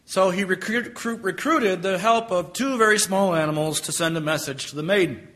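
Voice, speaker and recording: A man's voice: fairly high pitch, pushed and bright. A man preaching a sermon and telling a story, emphatic and stretching out key phrases.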